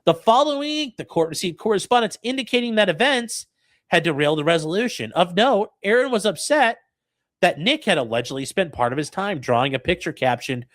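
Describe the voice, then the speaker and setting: A man's voice: high voice, animated, a little fast, a bit bright, no room sound, studio quality. A man hosting a legal commentary stream, reading court records aloud to his chat and ranting about them with profane sarcasm. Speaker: host and lawyer commenting on a court case.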